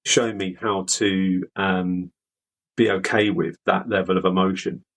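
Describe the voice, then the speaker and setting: A man from the UK, a veteran guest, speaking candidly in an interview with halting, repeated words. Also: low-pitched, fairly even intonation, fairly bright tone, rough recording. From United Kingdom.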